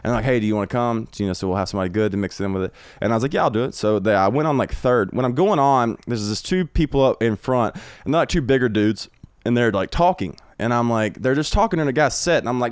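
A man's voice: medium pitch, lively intonation, fast, clean tone, no echo, studio quality. A man, a comedian, telling a long profane story on a podcast, repeating himself as he goes. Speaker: comedian guest. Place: home podcast studio.

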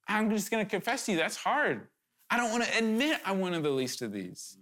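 A man's voice: high voice, sing-song, fairly quick, fairly bright tone. A man preaching a sermon to his congregation, earnest and urgent, talking conversationally with candid asides and sudden emphatic rises.

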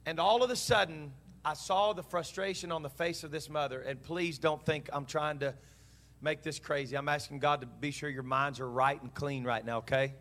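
A man's voice: a little high, fairly even intonation, moderate pace, a bit bright. A man preaching a sermon, telling a story in an earnest, heartfelt way and voicing both sides of a dialogue. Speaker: pastor.

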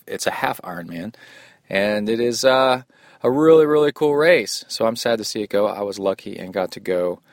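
A middle-aged man hosting a casual podcast from home, rambling and excitable, laughing often. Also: lowish voice, dry recording. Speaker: podcast host. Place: home room.

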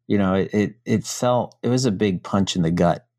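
A middle-aged man from the United States, a podcast guest telling his story in a frank, animated, casual way, swearing now and then. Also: on the low side, normal speed, no room sound, clean studio sound.

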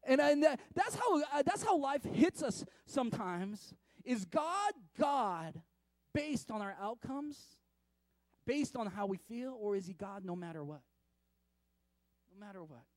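A high-pitched man delivers a sermon in a casual, talky manner. He stumbles over repeated words and moves from loud bursts to hushed lines. The sound is dry and close. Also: big pitch swings, measured pace, dry recording. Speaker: pastor.

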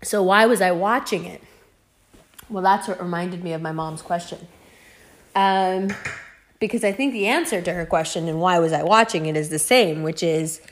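A young woman hosting a podcast, telling rambling, profane stories in a casual monologue, laughing often. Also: fairly low pitch. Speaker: podcast host.

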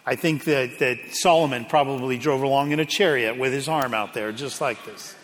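A man's voice: medium pitch, normal speed. A male pastor from the United States preaching a sermon in a conversational, self-deprecating storytelling way. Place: church sanctuary. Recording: echoey hall reverb.

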